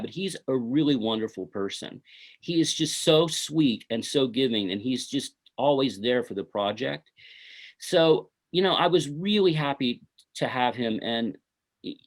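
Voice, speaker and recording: A middle-aged man, a filmmaker being interviewed, telling stories from his film shoot in a rambling way full of "you know" and "uh". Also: medium pitch. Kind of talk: casual interview storytelling.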